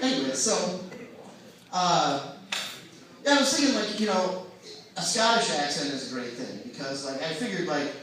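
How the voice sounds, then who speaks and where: A man's voice: fairly high pitch, lively intonation, moderate pace, long pauses, a bit bright, a little hiss or hum. Rambling young male comic at open mic. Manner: rambling, filler-heavy, self-deprecating. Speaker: stand-up comic. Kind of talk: stand-up comedy set. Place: bar open mic night. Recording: echoey bar room from far off, crowd.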